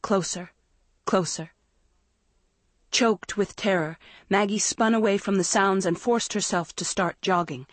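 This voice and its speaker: A woman narrating an audiobook in a slow, measured suspense reading. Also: mid-range voice, no room sound. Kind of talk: scripted narration.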